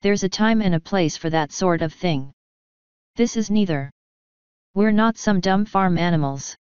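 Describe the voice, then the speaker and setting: Brief: woman playing a firm, earnest pony dad, low smooth voice, dull lo-fi sound. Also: measured pace, darkish tone, dry recording, natural voice. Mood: defiant. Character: earnest middle-aged stallion father, steady leader. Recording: slightly dull, lo-fi.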